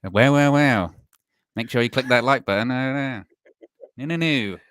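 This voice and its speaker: A man putting on a cheery friend's voice, stretching out his greetings in a sing-song way. The tone is bright and the mimicry is playful. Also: medium pitch, moderate pace, clean tone, dry recording, clean studio sound, close to an everyday voice. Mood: teasing.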